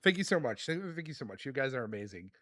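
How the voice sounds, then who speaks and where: A man's voice: medium pitch, sing-song, quick pace, fairly bright tone, no room sound, studio quality. Casual man chatting with his viewers. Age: adult. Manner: reads chat aloud, laughs often, thanks viewers. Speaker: streamer. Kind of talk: casual live-stream chat.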